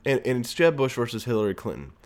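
Fired-up male podcast host, lively pitch. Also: fast. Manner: fired-up, ranting, reads news aloud with asides. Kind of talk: political commentary monologue.

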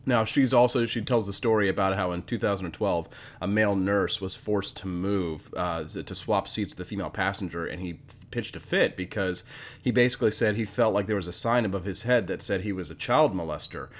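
A male podcast host gives political commentary in a lowish voice. He talks in an animated, indignant way and argues his points hard. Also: a little fast. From United States.

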